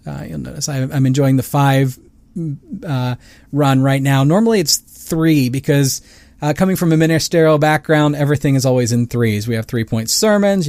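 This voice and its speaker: A man's voice: on the high side, darkish tone, dry recording. A young adult man hosting a family podcast, talking casually and chattily with plenty of fillers and self-deprecating asides. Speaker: podcast host and family counselor. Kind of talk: casual monologue.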